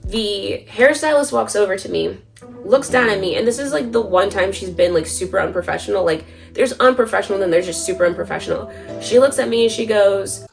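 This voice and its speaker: A woman's voice: medium pitch, a little fast, creaky, soft background music. A woman vlogger telling a story in a casual, chatty way, full of fillers and freely swearing.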